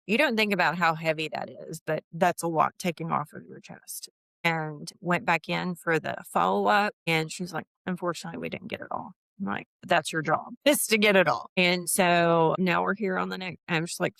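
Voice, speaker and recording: A woman in her fifties tells her own story as a podcast guest, lively and candid, slipping into the voices of the people she quotes. Her voice sits low with a gravelly edge. The sound is dry and close. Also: dry recording. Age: 50s. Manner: animated, acts out quoted voices.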